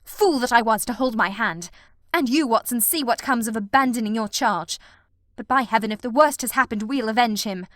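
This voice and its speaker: A woman's voice: fairly high pitch, normal speed, fairly bright tone, dry recording, clean studio sound, lightly acted. Sherlock Holmes, urgent, commanding, as a woman reads him. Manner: clipped, urgent, authoritative. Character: male detective, cool, commanding, intense. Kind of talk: audiobook character reading.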